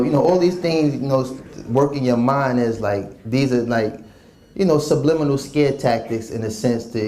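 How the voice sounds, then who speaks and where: A man recounts his story in a laid-back, reflective manner, peppering it with fillers. His voice is lowish and mellow. It carries a roomy echo with faint ambience behind it. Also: a little hiss or hum. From New York City. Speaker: guest, former rap artist.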